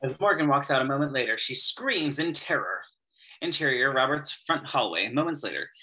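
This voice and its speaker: Husky bright-voiced male narrator. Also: medium pitch, expressive, normal speed, rough recording. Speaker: narrator reading stage directions. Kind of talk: script narration in an amateur audio drama.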